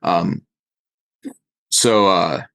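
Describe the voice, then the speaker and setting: A man's voice: deep voice, lively intonation, very slow, bright, forceful tone. A man running a tabletop game as game master, narrating in a rambling way with many fillers.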